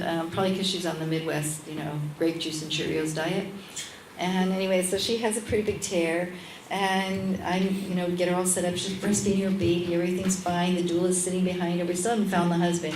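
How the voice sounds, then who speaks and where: A woman midwife speaking as an interview guest, telling a lively anecdote and acting out the voices of the people in it. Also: lowish voice, fairly quick, echoey room, far from the mic, a little hiss or hum, low-quality recording. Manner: animated, acts out the voices in her stories. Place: restaurant at a lunchtime public talk.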